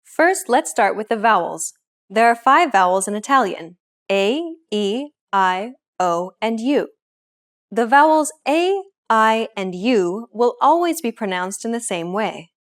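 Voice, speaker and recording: A woman's voice: fairly high pitch, expressive, a little slow. Woman narrating a pronunciation lesson. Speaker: language teacher narrator.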